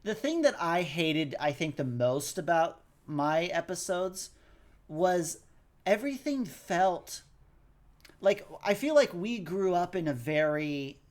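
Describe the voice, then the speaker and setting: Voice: medium pitch, lively intonation, takes it slowly. A podcast co-host in casual chat, rambling with many restarts and trailing thoughts.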